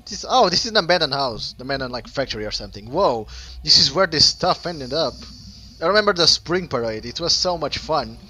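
A man commenting on a game he plays, excitable, laughing often and breaking into squeals and shouts. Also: fairly high pitch, brisk. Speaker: let's play host. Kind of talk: casual gameplay commentary.

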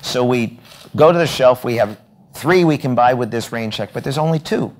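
A man's voice: mid-range voice, moderate pace, a little hiss or hum. A man giving a storytelling keynote talk at a hotel event, acting out the lines of each person in his anecdotes. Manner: animated, acts out dialogue in anecdotes. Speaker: keynote speaker.

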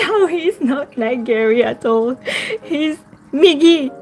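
A woman's voice: high voice, lively intonation, takes it slowly, a little mellow. A woman vlogging with her pet, giggly, coaxing and pleading with it in casual talk. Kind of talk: casual pet vlog narration.

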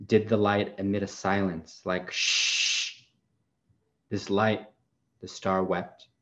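A man with a very low, deep voice gives a poetry reading. He delivers a long chain of questions in a measured, incantatory cadence. The audio is dull and lo-fi. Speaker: poet.

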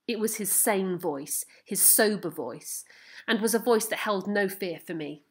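A woman calmly reading a novel aloud as the narrator. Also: medium pitch. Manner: calm, measured narration. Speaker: reader. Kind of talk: storybook reading.

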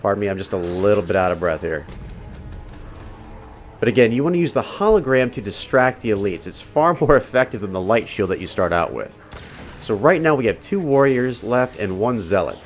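A man's voice: on the low side, sing-song, a little fast, faint music behind. A man giving casual, step-by-step gameplay commentary as the voice-over for a game walkthrough. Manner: casual, instructive, talks the viewer through each step. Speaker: video game walkthrough narrator.

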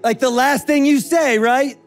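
Animated high-voiced man preaching. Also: measured pace, faint music behind. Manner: animated, acts out quoted voices. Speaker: pastor. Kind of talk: sermon.

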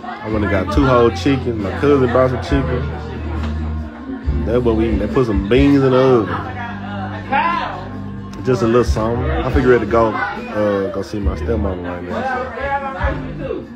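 A man's voice: mid-range voice, animated, normal speed, long pauses. A man hosting a casual livestream, chatting with viewers in a rambling, laid-back way. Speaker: livestream host. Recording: loud music and chatter behind.

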